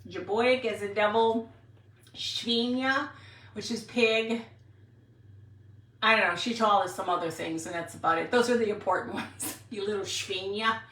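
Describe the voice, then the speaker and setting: A woman's voice: mid-range voice, steady tone, normal speed, a bit bright. A woman in her sixties from Wisconsin, chatting casually and rambling as she hosts a craft livestream and answers viewers. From Wisconsin, USA. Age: 60s. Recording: roomy, mic at a distance.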